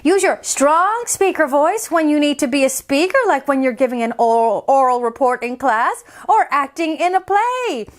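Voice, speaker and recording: Lively, high-voiced woman teacher reading to kids. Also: moderate pace, hardly any pauses. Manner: animated, swings between whisper and shout to demonstrate voice levels; playful self-commentary in a lowered voice. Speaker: elementary music teacher. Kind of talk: reading a picture book aloud to young children, with asides.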